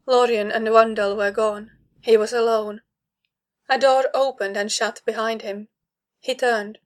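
A woman narrating a story aloud in a steady, expressive way. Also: on the high side. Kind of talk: reading fiction aloud.

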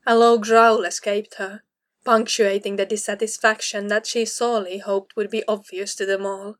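A woman narrating a story aloud in a measured, even storytelling manner, as in an audiobook. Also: mid-range voice. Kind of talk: audiobook reading of fan fiction.

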